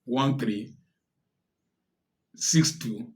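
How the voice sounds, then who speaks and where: A man's voice: mid-range voice, steady tone, drawn-out words, darkish tone. A man with a Nigerian English accent giving impassioned commentary, firing off rhetorical questions in a preachy tone. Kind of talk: direct-to-camera social commentary.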